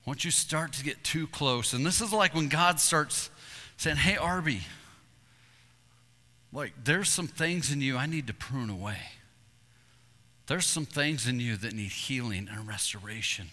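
A man preaching a sermon, telling hunting stories with animated delivery and acting out calls and voices. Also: mid-range voice, measured pace, long pauses. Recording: long reverb in a hall.

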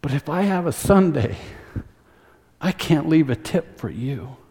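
A man voicing an eager, hopeful little boy from a poor family, a bit higher than his own voice, in a sermon story. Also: very animated, unhurried, mellow, husky, in a large hall, exaggerated voice.

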